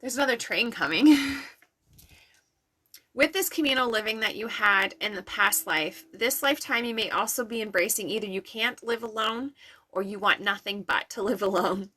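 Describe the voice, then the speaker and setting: A woman doing intuitive readings for viewers on a live stream, in an affirming, chatty way with soft laughs. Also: mid-range voice, moderate pace, slightly rough. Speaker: intuitive reader.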